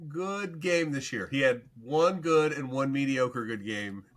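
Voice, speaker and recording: A man's voice: medium pitch, measured pace, fairly bright tone. A man co-hosting a casual fantasy football chat, blunt and dismissive in his opinions. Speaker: podcast co-host. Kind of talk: casual live draft chat.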